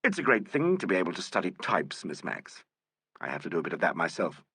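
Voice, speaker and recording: A man voicing a polite, urbane police inspector who questions suspects with gentle irony, in an audiobook. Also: low voice, wildly swooping pitch, fast, husky, no room sound, studio quality, heavily acted. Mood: charming. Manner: courteous, urbane, gently ironic. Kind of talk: audiobook character voice.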